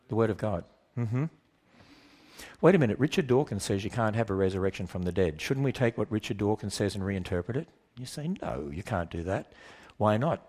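A man giving an emphatic talk to a church audience, firing questions at the listeners and acting out quoted voices in quick exchanges. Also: fairly low pitch, a little mellow. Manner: acts out quoted voices in quick back-and-forth. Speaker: speaker.

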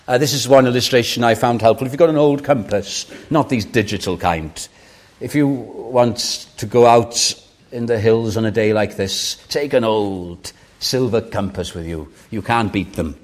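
A man's voice: mid-range voice, expressive, moderate pace. An older man preaching a sermon, earnest and pleading, rising in fervour on key phrases.

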